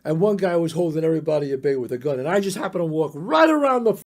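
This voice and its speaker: An older man from the Bronx, telling a story as a podcast guest in a lively, profane way, acting out the other people's voices. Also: a little high, rapid-fire. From the Bronx, New York. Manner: animated, profane, acts out the voices in his story. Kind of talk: casual storytelling.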